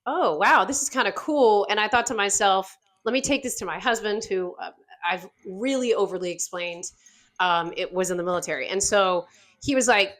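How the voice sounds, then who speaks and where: Animated, laughing woman telling a story. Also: mid-range voice, brisk. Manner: animated, laughs often, acts out quotes. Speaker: podcast guest. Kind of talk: casual storytelling chat.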